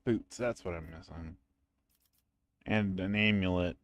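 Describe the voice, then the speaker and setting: A man's voice: low voice, a little slow, a little hiss or hum. A man streaming a game with friends, chatting casually and joking. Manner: joking, relaxed. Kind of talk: casual gameplay chat.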